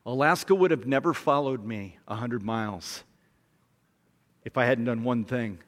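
A middle-aged man giving a sermon as guest speaker, telling a story with lively acted-out voices. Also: mid-range voice. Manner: animated storyteller, acting out voices. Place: large church hall. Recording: long hall reverb.

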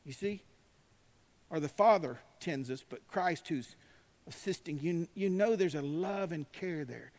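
Male preacher, high-pitched, emphatic sermon delivery, recorded in a church hall with a long reverb tail. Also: unhurried. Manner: emphatic, rising to shouts, drawling asides.

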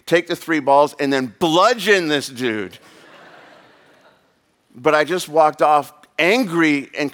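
A man's voice: a little high, a bit bright. A man in his thirties preaching a sermon in a casual, rambling way, full of fillers and asides. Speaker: pastor.

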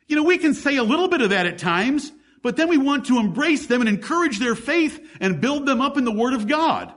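High-voiced man preaching with fervor. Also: lively intonation, fairly quick, hardly any pauses, a bit bright. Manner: emphatic preaching, rhetorical questions, lists scripture examples. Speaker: pastor. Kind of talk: sermon.

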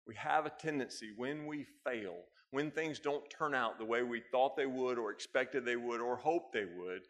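An American man delivering a sermon to a congregation, easy in his storytelling. His voice is mid-pitched and ordinary, and it climbs into loud, high bursts when the story turns funny or urgent. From United States. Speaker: preacher. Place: church hall with a live congregation.

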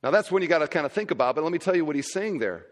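A man preaching a sermon as pastor, emphatic and swinging between loud and quiet. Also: on the high side, lively intonation, very fast, long reverb tail.

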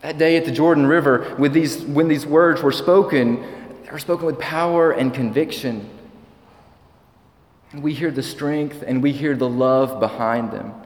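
A man preaching a sermon as pastor, measured and slowing down when he quotes scripture. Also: a little high. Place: church sanctuary. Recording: echoey church hall.

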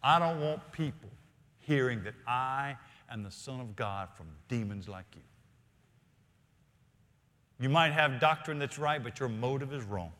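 A male senior pastor preaching a sermon in a church, earnest, often slowing and dropping to quiet emphasis. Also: mid-range voice, animated. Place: church sanctuary. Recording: long reverb of a large hall.

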